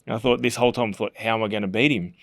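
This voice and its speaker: A middle-aged man with an Australian accent, a podcast guest telling animated stories in a casual interview and acting out the sounds and voices. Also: on the low side, very fast, no echo. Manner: animated storyteller who acts out voices and sounds, swears casually. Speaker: podcast guest, former rugby league player.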